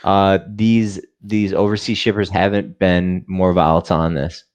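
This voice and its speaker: A man working on a stock trading show, talking casually with lots of fillers and a relaxed, hesitant flow. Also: low voice, moderate pace, dull audio. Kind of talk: casual market chat.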